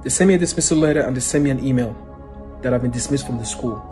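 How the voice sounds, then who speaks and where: A man giving an earnest, emotional spoken testimony, now and then bursting into loud praise. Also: mid-range voice, fast, faint music behind. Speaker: testimony giver.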